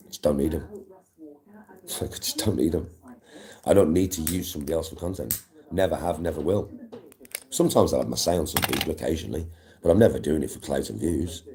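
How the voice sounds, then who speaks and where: A man's voice: rumbling low, brisk, long pauses, dark tone. A man, a livestream host, ranting at live viewers in an aggressive, defiant, swearing way.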